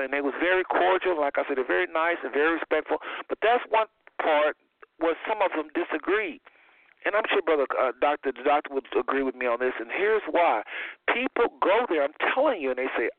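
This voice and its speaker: A man's voice: fairly high pitch, lively intonation, brisk, gravelly, no room sound. Talk radio host, male, rambling monologue to listeners over a dry, tinny phone line. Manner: rambling, repeats himself, addresses listeners as folks.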